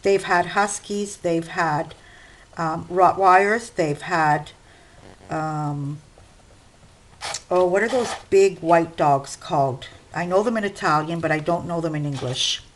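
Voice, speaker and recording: A woman's voice: lowish voice, slow, a little hiss or hum, low-quality recording. A middle-aged woman vlogging casually while working at her craft desk at home, rambling and speaking straight to her viewers. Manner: chatty, rambling, addresses viewers directly.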